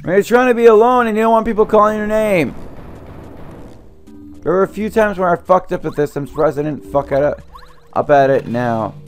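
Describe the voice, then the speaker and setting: Young guy swearing thru a let's play, kinda high voice, sore throat, quiet game music behind. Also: brisk, long pauses. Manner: angry ranting, swearing. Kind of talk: gameplay commentary.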